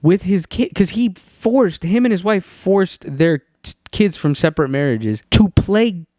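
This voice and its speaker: A young man giving ranting, sarcastic commentary, animated and full of swearing. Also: high voice, measured pace, no room sound, studio quality. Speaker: YouTuber.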